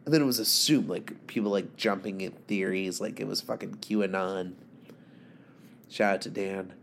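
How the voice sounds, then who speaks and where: A man's voice: low voice, fairly even intonation, moderate pace, creaky, slight background noise. A man in his thirties, sick with covid, delivering a profane, sarcastic, rambling recap monologue for a fantasy league podcast. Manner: sarcastic, swearing, ranting, laughing at own jokes.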